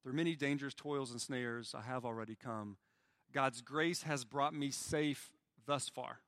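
A man preaching a sermon as pastor, swinging from loud pleading lines to hushed, quiet ones. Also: mid-range voice, measured pace, dry recording, clean studio sound.

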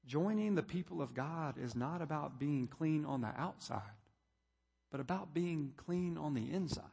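A man's voice: on the high side, animated, measured pace, vocal fry, darkish tone, slightly rough, long reverb tail. A man preaching a sermon, building to emphatic points as he reads scripture. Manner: preaching, reading scripture aloud with rising emphasis. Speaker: pastor.

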